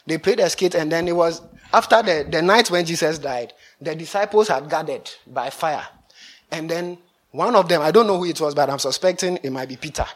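A man preaching a lively sermon, laughing often between lines. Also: a little high, fairly quick.

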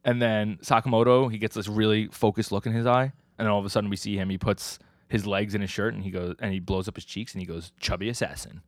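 Brief: low-pitched man, chatty podcast co-host who reads out lines in character. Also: little pitch movement, quick pace, no room sound, clean studio sound. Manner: acts out quoted lines, laughs often. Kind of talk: casual chat recapping comics.

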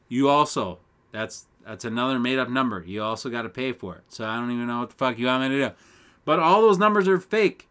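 A man's voice: mid-range voice, animated, brisk, fairly bright tone, smooth. A man in his twenties hosting a solo podcast, ranting casually with lots of swearing and laughter. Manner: profane, rambling, laughs often. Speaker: podcast host.

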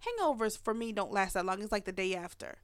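A middle-aged woman telling a family story in casual conversation, animated and laughing often as she acts out what people said. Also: mid-range voice, quick pace, dry recording.

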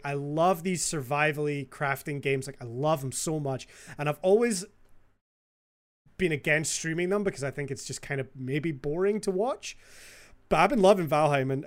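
A man's voice: on the high side, fairly bright tone. A man hosting a casual gaming podcast, upbeat and enthusiastic, with many ums and uhs. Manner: upbeat, enthusiastic, filler-heavy. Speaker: podcast host.

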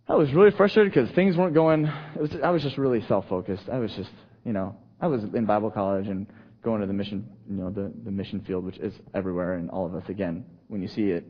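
A man preaching a sermon to a congregation in a loose, conversational way, often checking in with the room and swinging between soft asides and emphatic points. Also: medium pitch, breathy edge. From United States. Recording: dull, lo-fi sound.

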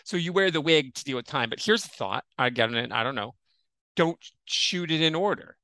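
Man, podcast guest, animated and jokey, bright higher voice, dry close mic. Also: normal speed, dry recording. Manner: animated, jokey, slips into impressions. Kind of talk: casual film discussion.

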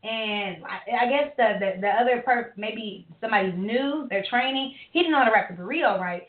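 A fairly high-voiced woman rants through a story, swearing freely and wandering through fillers and asides. Her voice comes over a thin, phone-like line in an echoey room. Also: fairly quick. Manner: animated, profane, rambling with many fillers. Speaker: podcast co-host. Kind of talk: casual ranting storytelling.

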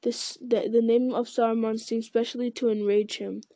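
A woman reads a fantasy novel aloud in an even, unhurried manner, now and then restarting a phrase. Her voice sits a little high with a warm, mellow tone, and the recording is close and dry. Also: dry recording. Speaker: audiobook reader.

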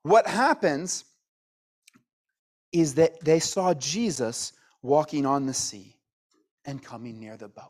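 A pastor giving a sermon in a conversational way, dropping to a hush on key lines. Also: male voice, a little high, slow, pauses often.

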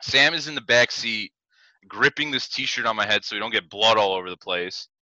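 A man's voice: on the low side, normal speed, sharp tone, no echo. Rambling young man telling a story. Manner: rambling, heavy "like" fillers, swears. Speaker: podcast storyteller. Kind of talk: casual storytelling. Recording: dull dry lo-fi mic.

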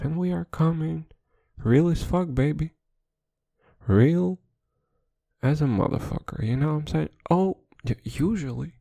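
A man's voice: mid-range voice, vocal fry, dark tone, husky, no room sound. A young man rambles through a comedic podcast monologue with a mid-range voice. He talks in loose slang, swears freely and drops "dude" into nearly every thought. The sound is close-miked and dry, with no room around it. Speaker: podcast host.

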